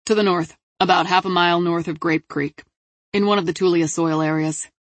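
A woman's voice: lowish voice, fairly even intonation, brisk, no echo, lightly acted. A woman voicing a male detective giving a matter-of-fact case briefing over the phone in an audiobook. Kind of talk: audiobook character voice.

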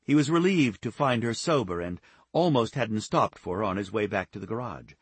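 A man reading a novel aloud as an audiobook narrator, calm and even. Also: fairly low pitch, normal speed, husky, no echo. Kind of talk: scripted narration.

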